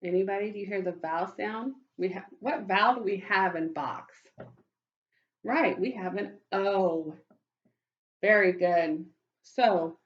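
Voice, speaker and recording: Slow, encouraging woman teaching phonics. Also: mid-range voice, highs cut off. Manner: slow, encouraging, praising often. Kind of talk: phonics lesson for young children. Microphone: webcam.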